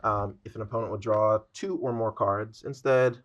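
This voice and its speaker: A man's voice: fairly low pitch, steady tone, moderate pace, fairly bright tone, lo-fi sound, a little hiss or hum. A man playing a tabletop card game, steadily walking through his turn and reading card text aloud. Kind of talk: casual tabletop play.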